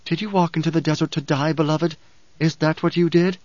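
A man reading an audiobook, voicing a young girl who channels her dead mother with a clear piping voice, tender and solemn. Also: steady tone, a little fast, a little mellow, dry recording, close to an everyday voice. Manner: tender, solemn, lifted higher than his own voice. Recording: dry, slightly dull studio recording.

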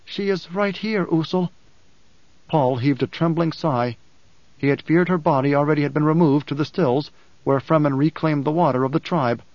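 Solemn, measured male audiobook narrator. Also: a little high, steady tone, no echo, lo-fi sound. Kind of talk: scripted narration.

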